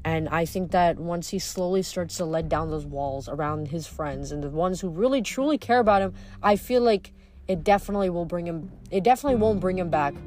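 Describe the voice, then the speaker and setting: A woman reading a novel aloud in an even narrating voice, then musing on the chapter afterward. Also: fairly low pitch, fairly quick, slight background noise. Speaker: book reader.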